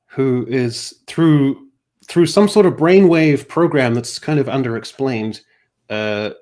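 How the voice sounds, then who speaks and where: Casting: man co-host, casual, animated and exasperated recap. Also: mid-range voice. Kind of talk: casual chat.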